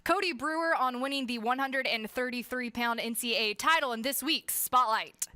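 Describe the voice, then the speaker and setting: A woman's voice: a little high, normal speed, sharp tone. Upbeat young woman anchoring sports news. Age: young adult. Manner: upbeat, polished show intros. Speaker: student sports show anchor. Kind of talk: scripted sports news read.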